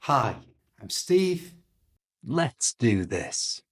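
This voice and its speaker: A man with a British accent teaching English pronunciation in a slow, clear, demonstrating way. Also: medium pitch, big pitch swings. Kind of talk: scripted pronunciation lesson.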